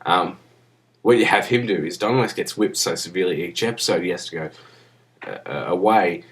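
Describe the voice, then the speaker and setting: A man's voice: sits low, brisk. A young man rambling crudely and profanely into a webcam in a casual vlog, sounding drunk. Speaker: vlogger.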